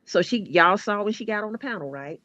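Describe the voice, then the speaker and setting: A woman co-hosting an online stream, telling a long story in a blunt, animated way, swearing freely and repeating her words as she goes. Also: medium pitch, fairly quick, no room sound, highs cut off. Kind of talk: casual chat.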